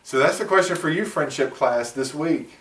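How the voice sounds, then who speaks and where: A man's voice: fairly high pitch, normal speed, a bit bright. Earnest male pastor, sermon-style chat, recorded at a distance in an echoey room. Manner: earnest, preacherly, sings snippets of a song. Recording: roomy sound from a distance.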